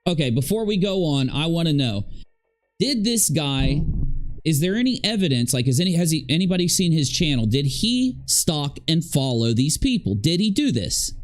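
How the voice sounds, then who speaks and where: A man's voice: a little high, very animated, normal speed, faint music behind. A man hosting a commentary channel, ranting emphatically and rambling, repeating phrases while he eats and drinks. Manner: talking while eating and drinking.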